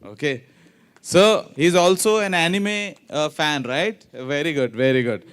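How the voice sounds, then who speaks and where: A man's voice, a little high, fairly bright and smooth, moves unhurriedly as he hosts a ceremony in a large hall. Playful and teasing, he quizzes teachers with tongue twisters, moving back and forth between Hindi and English like a lively emcee.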